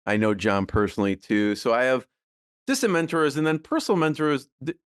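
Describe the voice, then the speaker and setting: A middle-aged man, a podcast guest, talking casually and thoughtfully with many fillers and soft laughs. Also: mid-range voice, fairly quick, smooth, dry recording, clean studio sound. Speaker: podcast guest, business co-founder. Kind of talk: casual interview conversation.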